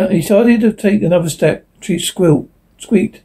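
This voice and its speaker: A man's voice: high-pitched, slow pace, warm tone, breathy edge, poor audio. A man reading a science fiction story aloud, stumbling and restarting now and then. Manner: unpolished reading with slips and restarts. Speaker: narrator.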